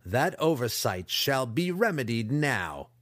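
A man voicing a cruel, disfigured male dark elf wizard in an audiobook, growling and drawing out his words in snarls. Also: medium pitch, very animated, dry recording, studio quality, voice pushed up. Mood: gloating. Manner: growling, roaring, drawn-out snarls. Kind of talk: audiobook character voice.

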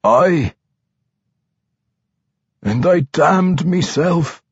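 A man's voice: a little high, animated, very slow, slightly rough, dry recording, lo-fi sound, voice pushed up, exaggerated voice. A man doing a raging vampire. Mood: anguished. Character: raging male dwarf vampire, gruff and tormented.

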